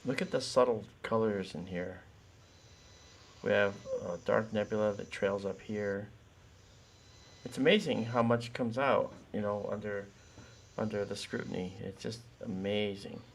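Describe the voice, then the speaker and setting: A man hosting a live telescope stream in casual chat, very tired, talking in a relaxed way with many fillers. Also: fairly low pitch, unhurried, slight background noise. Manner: relaxed, thinks aloud with fillers. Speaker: livestream host running a telescope.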